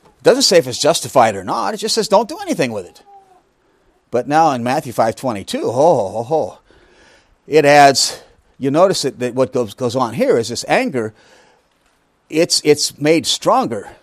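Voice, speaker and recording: A man's voice: medium pitch, big pitch swings, normal speed, dry recording. A man preaching a Bible lesson, emphatic, asking rhetorical questions and making joking asides. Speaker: pastor teaching a Bible study. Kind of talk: sermon.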